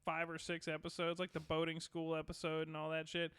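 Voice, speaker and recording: A young man chatting easily on a podcast, laughing often and using casual slang. His voice is high, bright and smooth. It sounds dry and close, with no room around it. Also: completely flat delivery, fairly quick. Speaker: podcast co-host.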